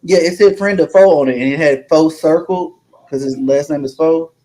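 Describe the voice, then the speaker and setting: A man co-hosting a casual live watch-along podcast. His voice sits slightly high. He fires off quick, joking remarks. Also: mellow, low-quality recording. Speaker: podcast co-host.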